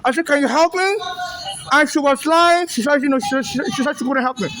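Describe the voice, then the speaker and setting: A man from Nigeria with a voice muffled by a face mask, filming an agitated confrontation on a handheld phone in a subway station. He is agitated, stammers and repeats himself, and often shouts. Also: very high-pitched, brisk, background noise.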